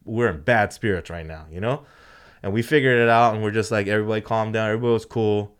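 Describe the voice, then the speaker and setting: A man with a lowish voice talking in an easy, rambling way, filling gaps with "you know" and dropping plenty of swear words. He picks up energy and jumps higher whenever he retells what someone said. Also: fast talker, smooth. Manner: animated when retelling, voice jumps up for quoted lines. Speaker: drag racing team owner. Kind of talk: casual podcast chat.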